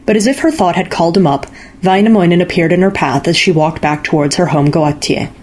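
A woman reading a fairy-tale story aloud in calm, measured narration. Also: lowish voice, a little hiss or hum. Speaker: story reader. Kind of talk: scripted narration.

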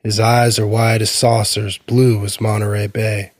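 A man reads a short story aloud in a measured, even delivery. His voice sits on the low side. The sound is close and dry, with no room around it. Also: no echo. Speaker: narrator. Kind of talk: scripted fiction reading.

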